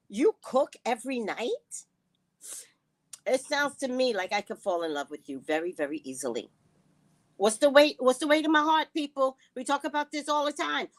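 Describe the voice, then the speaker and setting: A woman vlogger casually telling a personal story to her viewers, animated and quick to laugh, with frequent asides to her audience. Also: high-pitched. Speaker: spiritual reader and vlogger.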